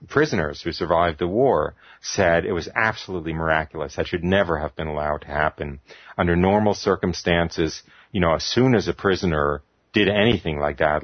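Very deep-voiced man reading aloud. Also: no room sound. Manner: measured reading, hesitant fillers when ad-libbing. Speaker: reader. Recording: dull lo-fi recording.

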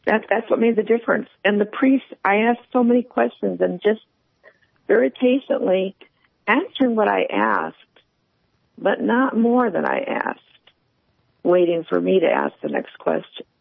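A woman calling in to tell her faith story in an earnest, halting way. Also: mid-range voice, expressive, creaky, husky, no echo. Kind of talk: personal faith testimony. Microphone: phone. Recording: tinny phone line.

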